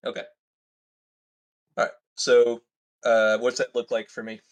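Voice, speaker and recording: A man's voice: mid-range voice, monotone, unhurried, smooth. A man playing in a tabletop game, eager and easygoing as he describes his moves. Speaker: player. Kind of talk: casual tabletop play.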